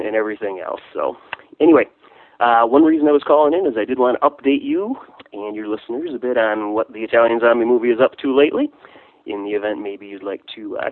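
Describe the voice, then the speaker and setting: A man's voice: on the low side, no echo. A man leaving an upbeat, promotional voicemail, listing event dates. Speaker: voicemail caller, indie filmmaker. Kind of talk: casual voicemail message. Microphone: phone. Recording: tinny phone line.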